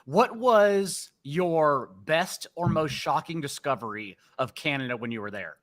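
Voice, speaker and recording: A man's voice: on the high side, animated, measured pace, fairly bright tone. A man hosting a casual fantasy football podcast, joking and bantering with his guest. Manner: playful, jokey banter. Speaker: host.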